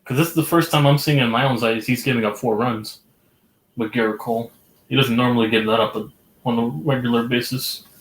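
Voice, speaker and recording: A man in a casual sports chat, reacting with excitement as he watches baseball. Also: mid-range voice, brisk, roomy sound.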